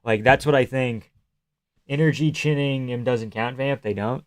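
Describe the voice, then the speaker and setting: A man's voice: medium pitch, normal speed, dry recording, studio quality. A man hosting a live stream, casually and profanely analyzing fights and answering chat questions.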